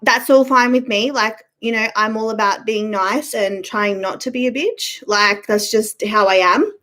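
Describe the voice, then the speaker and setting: Young woman, high-pitched, live-stream host, blunt irritated ranting, frequent swearing, chats to viewers by name, home webcam sound. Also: a little slow, sharp tone. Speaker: YouTube livestream host. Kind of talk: casual live-stream rant.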